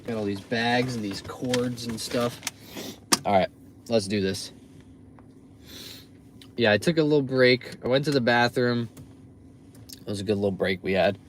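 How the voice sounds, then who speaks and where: A man's voice: mid-range voice, unhurried, pauses often, background noise. A young man chatting to his viewers while driving for food delivery late at night, tired and yawning. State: sleepy after a long shift. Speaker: food delivery driver vlogger. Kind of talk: casual vlog chat while driving. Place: inside a car.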